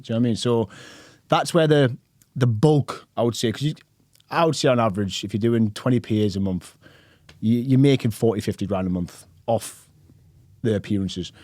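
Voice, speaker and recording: A man in his thirties, a podcast guest telling stories in a rapid, animated way, acting out voices and swearing casually. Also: on the low side, no room sound, clean studio sound.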